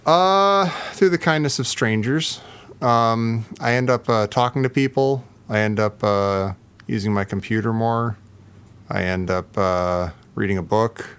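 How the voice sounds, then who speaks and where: A man's voice: lowish voice, unhurried, clear, resonant tone. A man co-hosting a podcast, joking and rambling in casual banter. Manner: jokey, animated, rambling. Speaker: podcast co-host.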